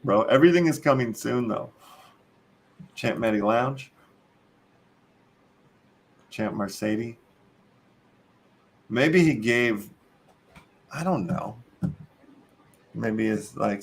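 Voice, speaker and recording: A man's voice: fairly low pitch, slow, vocal fry, pauses often, breathy edge. A man with a Chicago accent hosting a casual show, reading articles aloud, cursing and tripping over long words. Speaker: show host.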